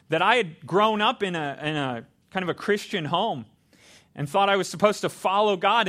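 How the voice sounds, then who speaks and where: A man's voice: high voice, sharp tone. A man preaching a sermon, earnest and conversational, with frequent restarts. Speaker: pastor.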